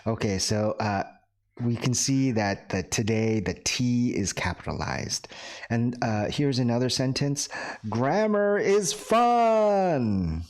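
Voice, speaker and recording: A man's voice: medium pitch, a little slow, darkish tone. A man teaching an online English class, patient and repetitive, often checking in with "right?" and slipping in Korean words for his students. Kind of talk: recorded online class lecture.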